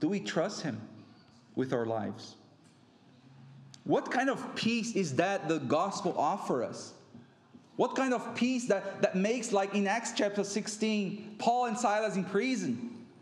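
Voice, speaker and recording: Unhurried high-voiced pastor, echoey church. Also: male voice, lively intonation. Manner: conversational preaching with anecdotes and acted-out quotes. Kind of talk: sermon. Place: church sanctuary.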